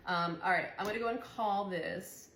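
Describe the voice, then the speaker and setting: A woman's voice: mid-range voice, normal speed, a bit bright. A young woman giving a chatty tarot reading who swears and laughs often. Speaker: tarot reader. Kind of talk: casual tarot reading monologue. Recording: echoey room, faint background noise.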